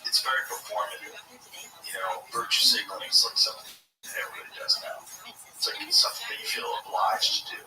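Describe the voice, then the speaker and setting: A man's voice: fast talker, echoey room, distant mic, noisy background. A man hosting a casual podcast chat, agreeing and chiming in.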